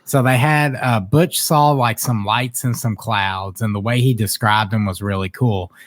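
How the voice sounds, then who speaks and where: A man co-hosting a book podcast, talking excitedly with plenty of slang. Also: lowish voice, a little slow, no room sound, studio quality. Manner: excited, slangy, says dude and bro. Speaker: podcast co-host. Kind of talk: casual book discussion.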